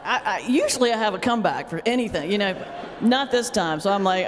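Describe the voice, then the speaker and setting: A woman's voice: medium pitch, fairly quick, slight background noise. Laughing woman pastor in a reverberant hall. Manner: lively, laughs often while telling stories. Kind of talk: humorous lecture with storytelling. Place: lecture hall.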